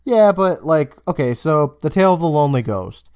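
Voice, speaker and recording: Animated young man retelling a show. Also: on the high side, moderate pace, clear, resonant tone, dry recording, studio quality. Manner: animated storyteller, acts out characters' lines. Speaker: podcast co-host. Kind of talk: casual chat recapping a TV episode.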